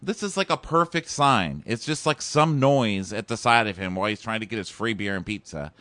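A man's voice: on the low side, expressive, brisk, dry recording. A man co-hosting a casual comedy chat, sarcastic and mocking. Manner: sarcastic, mocking, breaks into loud put-on voices. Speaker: podcast co-host.

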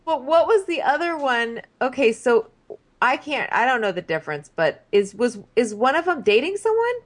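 A woman's voice: sits high, big pitch swings, moderate pace. A woman co-hosting a podcast, chatting casually about a reality show with frequent fillers and restarts. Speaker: podcast co-host. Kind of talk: casual show recap chat.

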